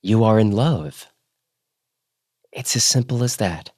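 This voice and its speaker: A man reading the part of a dry, gently mocking older male professor in a novel excerpt. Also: fairly low pitch, lively intonation, slow, dry recording. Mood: gentle.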